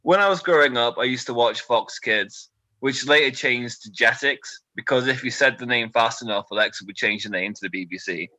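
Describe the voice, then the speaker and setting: A British man in his twenties doing a stand-up set, delivering deadpan one-liners with nervous asides to a quiet crowd. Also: mid-range voice, a little fast, dry recording, rough recording. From Britain. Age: 20s. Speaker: stand-up comedian.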